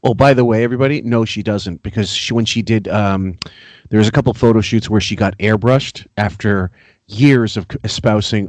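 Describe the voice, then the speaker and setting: A man co-hosting a podcast delivers profane, mocking commentary in loose, ranting bursts. His voice is fairly low, and the recording is dry and close. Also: brisk, darkish tone, no echo. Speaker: podcast co-host.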